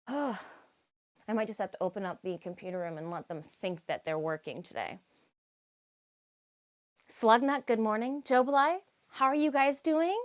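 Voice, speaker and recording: A woman live streaming, chatting casually, greeting viewers by name and grumbling about her cats. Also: sits high.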